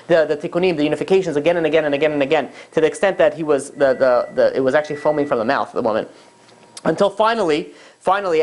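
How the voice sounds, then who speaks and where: A man, a rabbi, tells a long story to his class in a loose, chatty way. He stops and restarts often and fills his talk with little fillers. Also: fairly high pitch. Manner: rambling, many fillers and restarts. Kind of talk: casual storytelling lecture.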